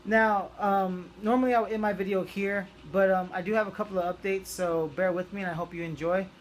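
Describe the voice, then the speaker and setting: A man's voice: high-pitched, steady tone, brisk, a little hiss or hum. A young man chatting casually through a toy review, rambling with lots of ums and restarts.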